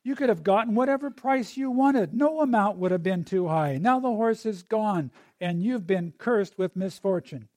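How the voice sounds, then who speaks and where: A man's voice: high voice, expressive, moderate pace, few pauses, darkish tone, no echo. A man voicing a crowd of scornful villagers who lecture an old neighbor. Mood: scoffing. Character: scoffing village crowd of men and women.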